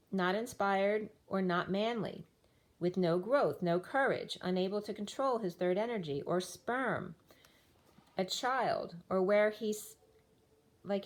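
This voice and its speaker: A woman giving a tarot reading, listing card meanings in loose fragments while losing her voice. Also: mid-range voice. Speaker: tarot reader.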